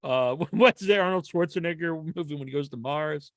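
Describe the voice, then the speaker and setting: A man co-hosting a podcast in casual chat, an animated storyteller who laughs often and acts out sounds. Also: on the high side, normal speed, no room sound. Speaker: podcast co-host.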